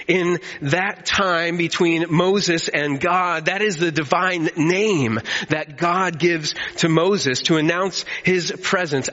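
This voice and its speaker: A man preaching a sermon as pastor, telling the story with animated energy and calling on the congregation to respond. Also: high voice. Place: church hall. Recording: echoey hall, slightly dull.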